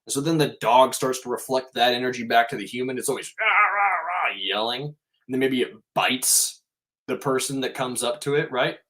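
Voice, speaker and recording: A man's voice: mid-range voice, expressive, normal speed, sharp tone. Emphatic man talking about faith. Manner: emphatic, swears freely. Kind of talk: casual spiritual monologue.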